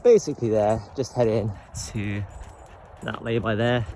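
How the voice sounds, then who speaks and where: A man's voice: on the low side, a little slow, mellow. Man, casual rambling vlog, talks to his dog, handheld camera, outdoors, noisy background. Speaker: vlogger. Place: outdoors on a roadside walk. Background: outdoor noise, dog.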